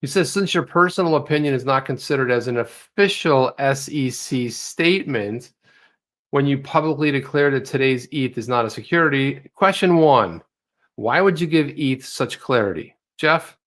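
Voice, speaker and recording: A man's voice: mid-range voice, moderate pace, fairly bright tone. A man co-hosting a live crypto talk show in casual chat, joking and slipping into put-on voices.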